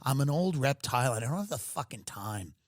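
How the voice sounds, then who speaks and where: A man's voice: medium pitch, big pitch swings, fairly quick, no room sound, studio quality, pitched below the performer's own voice. A man voicing a sassy, blunt old male politician with an American Southern accent, talking like a reptile done pretending. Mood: gruff.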